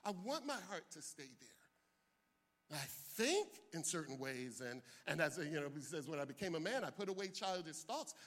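An older male pastor preaches a sermon in a slightly high voice, his animated delivery swinging between soft asides and loud bursts.

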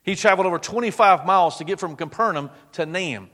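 Speaking at a quick pace in a high voice, a man preaches a dramatic sermon. Quoted words come out in a hush, and each phrase trails off into the long reverb of a large hall.

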